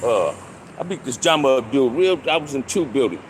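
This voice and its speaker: An older man telling stories from his past in casual street slang, and he gets animated when he reenacts fights. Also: mid-range voice, brisk, a little hiss or hum. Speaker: storyteller recounting prison life. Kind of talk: casual storytelling monologue.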